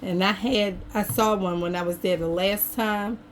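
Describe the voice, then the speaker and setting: A woman's voice: medium pitch, steady tone, normal speed, a little hiss or hum. Chatty woman showing craft buys. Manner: chatty, folksy, talks straight to viewers. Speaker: craft vlogger. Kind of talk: casual chat. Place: home craft table indoors. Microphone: camera on an over-table tripod.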